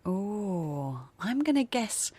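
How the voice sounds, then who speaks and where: A woman's voice: mid-range voice, very slow, husky. A woman from London co-presenting a scripted language lesson and explaining words. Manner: lively, explaining. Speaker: co-host.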